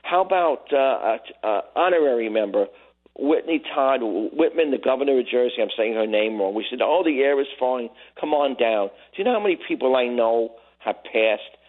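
An older retired man from Brooklyn, calling in to a radio show, talking in an emotional, halting way and repeating himself. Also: medium pitch, animated. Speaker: caller. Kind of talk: call-in radio chat. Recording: tinny phone line.

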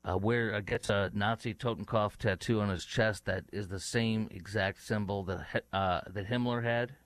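A man's voice: fairly low pitch, steady tone, normal speed, fairly bright tone, no echo. A man hosting a talk show, giving heated, indignant political commentary with many fillers and restarts. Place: studio in Dallas.

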